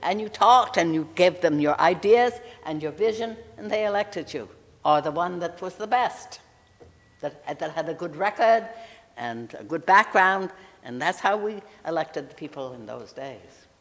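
Slow-speaking woman in her nineties. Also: on the low side, lively intonation, long reverb tail. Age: 90s. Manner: earnest, emphatic, repeats key figures slowly. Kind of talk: conversational interview.

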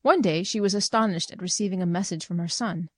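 A woman reading a short story aloud in measured, clear scripted narration. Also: on the low side, no room sound, clean studio sound. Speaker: reader.

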